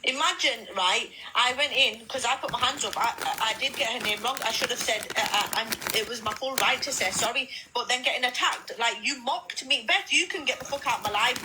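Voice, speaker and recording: A woman's voice: fairly high pitch, fairly quick, hardly any pauses. A woman venting on a live stream, defensive and swearing, stumbling over her words with ums and restarts. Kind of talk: heated live stream rant. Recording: noisy live stream audio.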